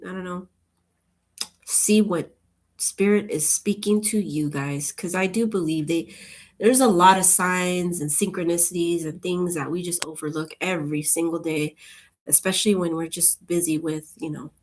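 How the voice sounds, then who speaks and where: Woman, casual rambling chat, lower-pitched voice, upbeat and talkative. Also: steady tone, moderate pace. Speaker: channel host.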